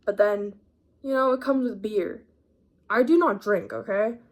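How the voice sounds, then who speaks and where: An eighteen-year-old vlogger with a medium-pitched voice talks through her day at an unhurried pace. It's a casual, slangy, rambling vlog, and she's mildly ill with a phlegmy cough.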